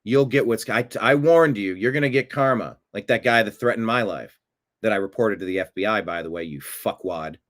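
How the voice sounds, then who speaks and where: A man hosting a profane political rant, swinging from low mutters to loud outbursts. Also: fairly quick. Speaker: political commentary host.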